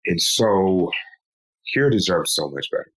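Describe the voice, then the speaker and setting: A man, a podcast guest, recounting a painful personal story in a slow, measured way. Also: sits low, expressive, fairly bright tone, poor audio. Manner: slow, measured telling with pleading quoted lines.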